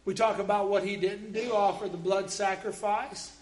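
A male preacher delivers a sermon in a fairly high voice. He is emphatic and quotes scripture often, with the odd wry joke tossed in. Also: fairly even intonation, normal speed, darkish tone.

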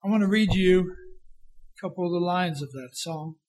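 A man preaching a sermon with impassioned delivery, rising to loud emphasis and dropping to a hushed quiet. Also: high voice, moderate pace, low-quality recording.

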